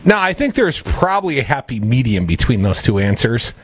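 A man's voice: medium pitch, big pitch swings, a little fast, slightly rough. A man co-hosting a political talk radio show, talking casually and sarcastically and reading news aloud. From Madison, Wisconsin. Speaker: radio co-host.

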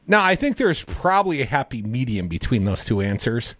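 A man co-hosting a talk radio show, opinionated and sarcastic, with animated swings in his delivery. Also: medium pitch, brisk, few pauses, dry recording, studio quality. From Madison, Wisconsin. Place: radio studio.

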